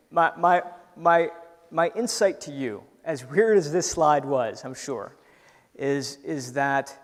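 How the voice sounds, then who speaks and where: A man giving a conversational entrepreneurship talk on stage, telling a personal story, acting out the voice in his head, and checking in often with the audience. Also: a little high. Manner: animated storyteller, acts out his inner voice, frequent "right?". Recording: hall reverb from stage.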